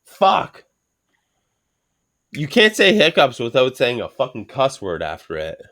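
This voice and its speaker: Middle-aged male host, loose profane podcast chatter, animated delivery. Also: mid-range voice, unhurried. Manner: animated, heavy swearing, rambling storytelling. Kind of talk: casual profane podcast banter.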